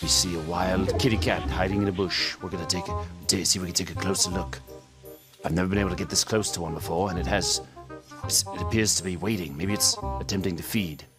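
A man's voice: sits low, fairly even intonation, fast talker, over music, natural voice. A man putting on the voice of a hesitant, mock-solemn wildlife documentary narrator over video game play. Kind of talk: parody nature documentary over gameplay.

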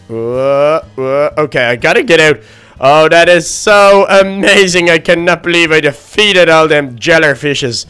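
A man's voice: a little high, a bit bright, clear, resonant tone. A man voicing Baby Duck, a chatty, easily flustered baby duck in a Minecraft role-play, rambling to himself with lots of "oh, gosh", with faint music behind. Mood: cheerful. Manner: rambling self-talk full of "oh, gosh" exclamations. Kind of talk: game role-play narration.

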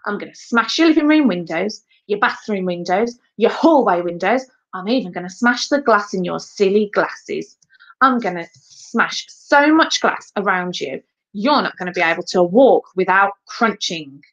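A woman voicing a loud, boastful schoolboy who stumbles over his lines, in a dull lo-fi recording. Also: sits high, sing-song, extremely slow, pauses often, pitched above the performer's own voice, exaggerated voice. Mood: growling.

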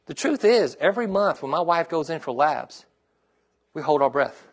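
Middle-aged pastor guy preaching, high voice, keeps asking the church "okay?" and "amen?". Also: very animated, moderate pace. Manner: turns quiet and heartfelt when sharing his own trials. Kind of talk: sermon.

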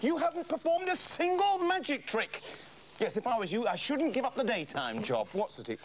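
A man's voice: very high voice, very animated, normal speed, a little hiss or hum. A man presenting a children's comedy show, playing the exasperated straight man and laughing often.

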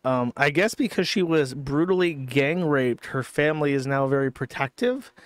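A man's voice: on the high side, lively intonation, normal speed, no room sound. A man hosting a commentary stream, talking in a casual, profane and sardonic way. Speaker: streamer host.

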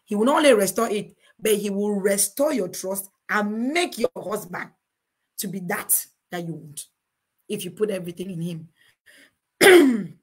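A woman's voice: mid-range voice, lively intonation, measured pace, pauses often, husky. A middle-aged woman, giving earnest, preachy marriage advice full of rhetorical questions. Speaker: co-host of a couples talk show. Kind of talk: preachy advice talk to a live chat.

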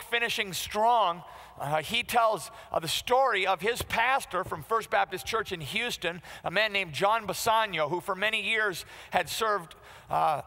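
Emphatic preacher, high gravelly voice. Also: male voice, bright, forceful tone, long reverb tail. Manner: emphatic, conversational preaching with direct questions to the congregation. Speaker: pastor. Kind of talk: sermon.

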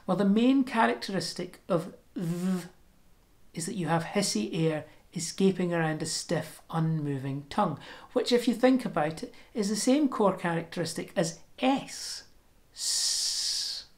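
A woman giving a pronunciation lesson, explaining sounds step by step and demonstrating them slowly and deliberately. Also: on the low side, a little mellow. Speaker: language teacher.

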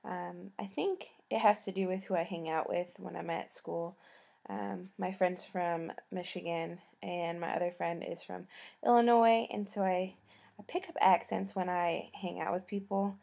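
Young woman vlogger, slight Southern US twang, worn out, creaky fry, rambling chat. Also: fairly low pitch, steady tone, measured pace. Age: young adult. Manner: rambling, soft and trailing off. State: tired. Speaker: college student vlogger. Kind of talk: casual chat to camera.

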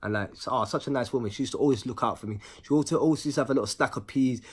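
A man spins a casual storytime monologue. His voice is husky and mid-pitched, and his delivery is animated and packed with street slang and rhythmic repeated words. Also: rapid-fire.

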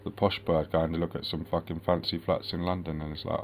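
A man's voice: deep voice, little pitch movement, fairly quick, slight background noise. A man from the United Kingdom rambling in a vlog monologue, swearing constantly and muttering asides to himself.

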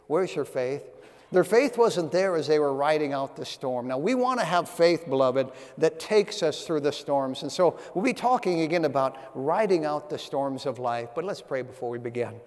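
A man's voice: a little high, expressive, moderate pace, few pauses. A man preaching a sermon as pastor, reading scripture and telling stories in a folksy way. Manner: storytelling preacher, reads scripture in old-fashioned phrasing. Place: church sanctuary. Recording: long church hall reverb.

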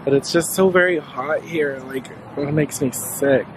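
A man's voice: on the high side, measured pace. Chatty, giggly man vlogging to a handheld camera, faint traffic hum behind. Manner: chatty, giggly, laughs often. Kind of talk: casual vlog chat.

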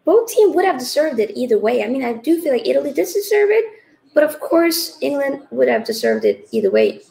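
A woman's voice: high voice, huge pitch swings, a little fast, vocal fry, dark tone, rough recording. A woman hosting a live football watchalong, chatting casually and reading out viewer comments, tired after a long stream. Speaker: livestream host.

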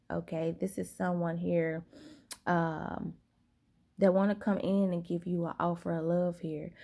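A woman's voice: lowish voice, vocal fry, mellow. A woman giving a casual tarot reading late at night, sleepy and yawning, drawling and peppering her talk with "okay?" and "y'all". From Southern United States. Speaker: tarot reader.

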